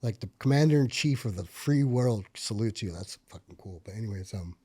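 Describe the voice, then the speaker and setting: A military veteran tells stories from his service on a casual podcast in a fairly low, slightly rough voice at a brisk pace. He's full of fillers and swearing and gets loud and animated at the tense parts.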